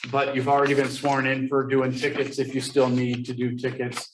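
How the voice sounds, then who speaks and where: A man on a township board, giving a halting update with many fillers at a public meeting. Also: medium pitch, completely flat delivery. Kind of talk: casual meeting talk. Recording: echoey room with faint noise.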